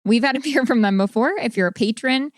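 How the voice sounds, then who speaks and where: A woman's voice: a little high, normal speed, no room sound, clean studio sound. A woman co-hosting a podcast in casual chat, upbeat as she reads promos and labels aloud. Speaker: podcast co-host.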